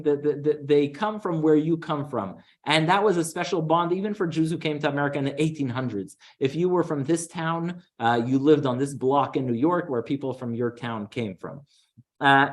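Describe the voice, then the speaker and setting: A man, a rabbi, giving a synagogue lecture, talking earnestly with many fillers and restarts and dropping low and quiet for the stories he tells.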